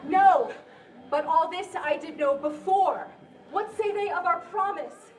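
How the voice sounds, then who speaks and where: A woman's voice: extremely high pitch, measured pace, some chatter behind, slight background noise. Actress playing an eager young woman in love. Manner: impatient, pleading. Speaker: stage actor. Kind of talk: live outdoor theater acting and singing. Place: outdoor stage. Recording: distant echoey live stage recording with music.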